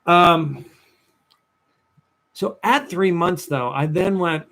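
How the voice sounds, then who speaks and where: A young man, a dating coach talking to viewers on a livestream, telling a personal story with lively voiced-out asides. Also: takes it slowly, creaky, long pauses. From New Jersey, USA. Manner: animated storytelling, acts out his past self in a higher voice.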